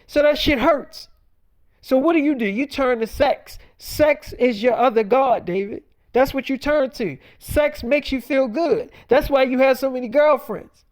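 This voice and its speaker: Man, unscripted preachy rant, heavy swearing, rambling and blunt. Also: very high-pitched. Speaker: self-styled prophet vlogger. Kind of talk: profane freestyle monologue.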